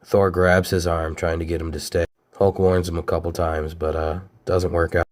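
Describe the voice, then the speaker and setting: Low-voiced man recapping a comic. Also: flat delivery, moderate pace. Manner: casual, plainspoken summarizing. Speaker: comic reviewer.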